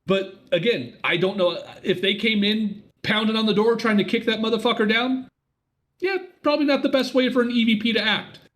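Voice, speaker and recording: High-pitched, fairly quick, and a bit bright, this man co-hosts a podcast in a casual chat. He's argumentative and rambling, telling stories with restarts along the way.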